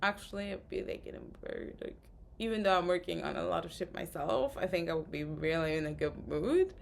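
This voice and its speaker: Fairly low, animated and brisk, her voice has vocal fry and a little hiss or hum in the background. She's a vlogger in a rambling, frustrated rant to camera, exhausted and tired, filling gaps with many fillers.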